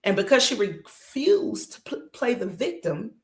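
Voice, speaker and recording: A woman hosts a podcast and retells a story in an animated, colloquial way, leaning on points and checking in with the listener. Her voice sits at an ordinary middle pitch. The room around her gives a clear, roomy echo. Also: measured pace. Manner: animated, emphatic, colloquial, asks listeners rhetorical questions. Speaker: podcast host. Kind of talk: casual storytelling commentary.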